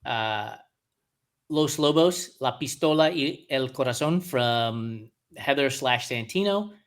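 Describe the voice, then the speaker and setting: A man's voice: mid-range voice, slow pace. Laughing, easygoing middle-aged male podcast host. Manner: animated, laughs often, reads listener picks aloud. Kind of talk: casual chat.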